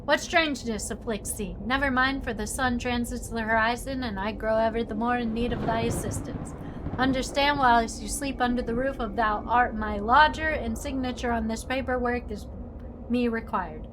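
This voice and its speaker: A woman's voice: on the high side, moderate pace, background noise, natural voice. A woman voicing a pompous old-fashioned man who speaks in stiff, archaic phrases. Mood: haughty. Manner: archaic, stiff, elaborate speech. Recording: faint music behind.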